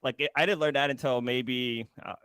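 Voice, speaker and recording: A man's voice: mid-range voice, steady tone, moderate pace, fairly bright tone, clear, resonant tone. A man co-hosting a casual podcast who tells stories in a rambling way, with many restarts. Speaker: podcast co-host.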